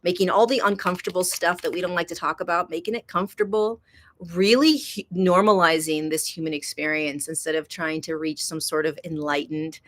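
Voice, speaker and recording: A woman hosting a casual spiritual livestream, chatty, greeting viewers by name and swinging from soft to excited. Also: low voice. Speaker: host. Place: indoors in Kenya.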